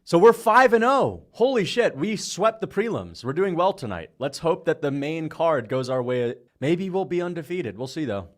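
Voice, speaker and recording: A man's voice: a little high, big pitch swings, moderate pace, few pauses. Hyped young man reacting to fights live. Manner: hyped, shouting bursts, swearing, playful trash talk. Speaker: livestreamer making fight picks. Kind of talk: excited livestream reaction commentary.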